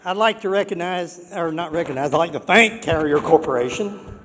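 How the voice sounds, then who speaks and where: An older man giving an earnest, excitable award acceptance speech, repeating words for emphasis. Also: on the high side, moderate pace, noisy background. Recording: long reverb of a large hall.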